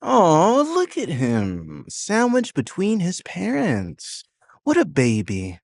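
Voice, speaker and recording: A man's voice: mid-range voice, very animated, a little slow, no echo, clean studio sound, voice pushed up. A man voicing a smug, teasing young woman. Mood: mocking. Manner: teasing, pushy. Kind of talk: audio drama narration.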